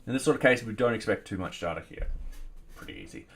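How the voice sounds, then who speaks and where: A man giving casual think-aloud commentary as he codes at home, pausing and restarting mid-sentence and now and then chatting to his cat. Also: lowish voice, lively intonation, vocal fry, fairly bright tone. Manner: chats to his cat between tasks. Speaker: software developer streaming his coding. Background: faint music and keyboard typing.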